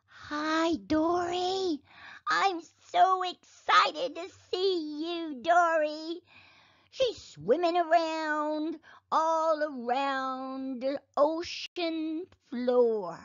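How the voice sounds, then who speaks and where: A woman narrating a toy play video for toddlers in an excited, sing-song voice, speaking as a cheerful toy character. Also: high voice, very slow, no echo, lo-fi sound. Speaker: children's video host.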